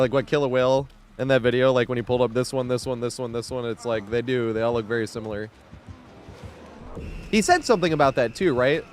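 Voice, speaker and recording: A man casually chatting on his live gaming stream, rambling and laughing a lot, relaxed and stoned, with frequent casual swearing. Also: medium pitch.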